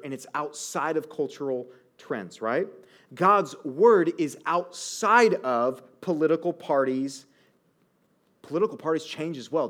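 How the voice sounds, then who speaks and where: A man in his thirties preaching a sermon as a pastor, conversational and animated, often asking the listeners rhetorical questions. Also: medium pitch.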